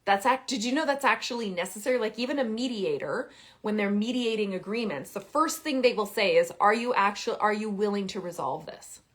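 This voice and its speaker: A woman giving parenting advice in a live stream, talking emphatically and repeating key phrases, with big jumps in pitch and loudness. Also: expressive, fairly quick. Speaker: parenting coach.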